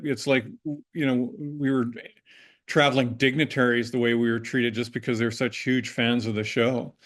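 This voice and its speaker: An older man, a guest in an interview, telling anecdotes in a casual, rambling way with many restarts and self-corrections. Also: medium pitch. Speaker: interview guest, former prop master.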